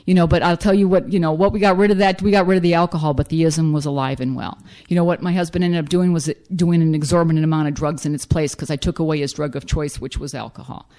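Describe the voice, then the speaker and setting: A woman's voice: low voice, fairly even intonation, fast talker, hardly any pauses, dark tone. A middle-aged woman giving a frank, self-mocking personal recovery testimony as a speaker at a meeting.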